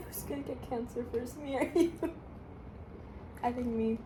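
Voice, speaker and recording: A woman's voice: fairly high pitch, measured pace. A woman co-hosting a casual chat, reading fanfic aloud and laughing often as she reads. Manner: giggly, breaks into laughter while reading. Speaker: co-host. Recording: steady background noise.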